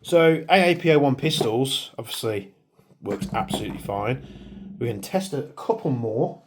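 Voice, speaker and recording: A man's voice: mid-range voice, expressive, moderate pace. A man hosting a hands-on airsoft test, talking casually and muttering to himself as he works the gear. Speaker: airsoft channel host. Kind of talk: casual hands-on product testing. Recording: clear background noise.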